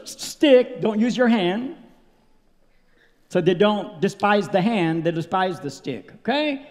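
A middle-aged man preaching a sermon at a tent meeting, telling a personal story and building to loud, emotional peaks. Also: sits high, lively intonation, slow pace, long reverb tail. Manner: storytelling, rising to loud emotional peaks, acting out his story with sound words.

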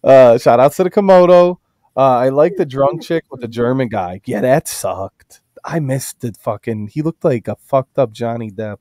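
A man's voice: medium pitch, normal speed, dark tone, dry recording, studio quality. A man hosting a casual live stream, reading chat messages aloud and joking crudely with friends. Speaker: stream host.

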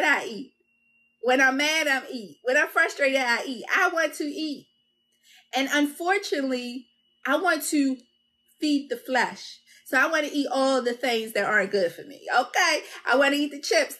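A woman's voice: on the high side, fairly bright tone. A woman hosting a self-care video, giving an encouraging talk with a repetitive, preacher-like cadence and addressing her viewers as y'all. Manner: casual and conversational with confessional asides. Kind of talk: motivational self-help talk.

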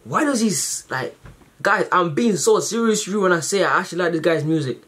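Husky slangy young-sounding man. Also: high-pitched, fairly quick. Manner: rambling, slangy, full of fillers; excited and grateful. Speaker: reaction video host. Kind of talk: casual chat to camera.

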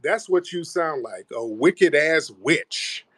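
A man's voice: a little high, animated, slow pace, a bit bright, husky, no echo, studio quality, soft background music. A man hosting a live stream, mocking and taunting a caller in a heated argument and repeatedly calling her "ma'am". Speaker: livestream host.

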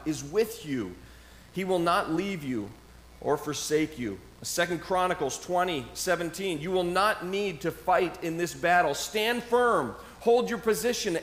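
Pastor preaching in an echoey church. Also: male voice, sits high, a bit bright. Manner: reads scripture aloud with slow emphatic stresses, then casual asides. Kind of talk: sermon. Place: church sanctuary.

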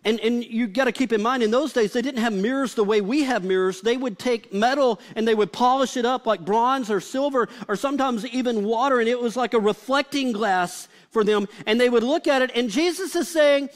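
Man, pastor, live sermon, very high pitch, casual and joking, lots of "like". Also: a little fast, few pauses. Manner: conversational and humorous, with frequent filler "like".

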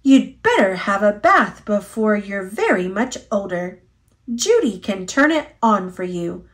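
A woman voicing a brisk, fierce older housekeeper in a storybook, stern but fond. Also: mid-range voice, very animated.

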